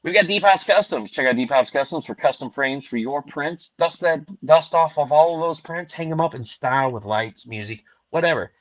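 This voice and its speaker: A man hosting a casual show, reading a sponsor list in a loud, rowdy, rambling, profane way. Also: on the high side, animated, moderate pace, hardly any pauses, dry recording, highs cut off. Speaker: podcast host reading sponsors. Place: Missouri.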